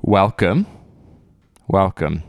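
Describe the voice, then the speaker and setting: A man hosting a casual podcast with friends, playful and self-deprecating, with bursts of excitement. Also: low-pitched, very slow, gravelly, no echo, studio quality. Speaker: podcast host. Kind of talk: casual chat.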